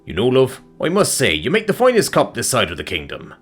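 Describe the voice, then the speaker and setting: A man's voice: mid-range voice, wildly swooping pitch, a little fast, breathy edge, faint music behind, pitched above the performer's own voice. A man voicing an easygoing, kind old farmer who talks in homely rural phrases in a storybook reading.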